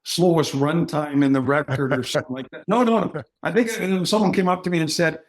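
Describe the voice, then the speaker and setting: A man's voice: on the high side, brisk. Jokey storyteller man in his sixties. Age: 60s. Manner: jokey, animated storyteller acting out quoted voices. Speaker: podcast guest. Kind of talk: casual storytelling.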